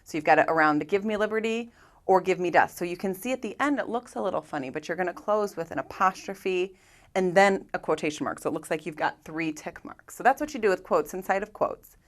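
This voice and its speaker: A woman with a lowish voice and a brisk pace teaches an English grammar lesson. She patiently works through examples step by step, posing rhetorical questions along the way.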